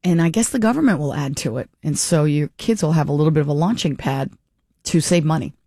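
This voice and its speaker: A woman hosting a call-in talk radio show, chatty and quick to laugh, often breaking off mid-thought. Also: low voice, expressive, warm tone, no echo, clean studio sound.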